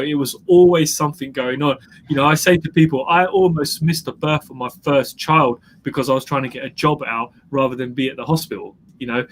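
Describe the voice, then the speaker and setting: A man with a slightly raised voice, speaking emphatically and driving his points home through repetition. He tells his story in a conversational interview. A faint hiss runs under the recording. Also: fairly high pitch. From England. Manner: emphatic, repeats phrases for effect. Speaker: guest entrepreneur.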